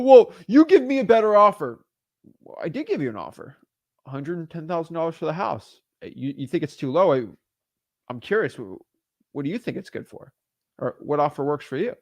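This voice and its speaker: Lively animated man coaching sellers' calls. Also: a little high, no room sound, clean studio sound. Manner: animated, acts out both sides of seller calls in bursts. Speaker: real estate wholesaling coach. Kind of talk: energetic teaching with role-played calls.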